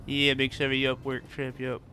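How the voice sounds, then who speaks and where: A man's voice: medium pitch, completely flat delivery, normal speed, pushed and bright, faint music behind. Laid-back man streaming a truck game. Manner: laid-back, reads chat aloud and answers viewers. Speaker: gaming streamer. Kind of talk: casual live-stream chat while driving.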